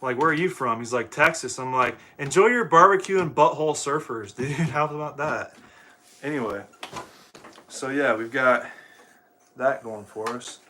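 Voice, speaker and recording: With a little hiss or hum on the recording, a young man from Ohio in the US livestreams while setting up equipment. His mid-range voice is bright and forceful, unhurried and full of pauses. He rambles, swears, and calls his viewers "dude."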